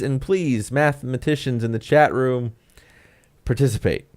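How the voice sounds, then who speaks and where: A man's voice: mid-range voice, a little slow. A man co-hosting a casual comedy tech podcast, joking around and playful. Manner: jokey, playful, drifts into put-on voices. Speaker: podcast co-host. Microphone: webcam.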